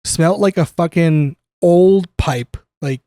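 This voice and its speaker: This young man talks a little higher than most men. He tells a long, profane story in loose podcast chat, laughing often and slipping into the voices of the people in it. His voice sounds close and dry. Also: takes it slowly, warm tone, dry recording. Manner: profane, laughing, acts out quoted dialogue. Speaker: podcast co-host.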